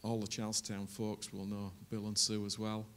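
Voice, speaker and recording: A man's voice: fairly low pitch, completely flat delivery, moderate pace. A man, a pastor who welcomes visiting guests to his church in a rambling way full of fillers. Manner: warm, rambling, hesitant with fillers.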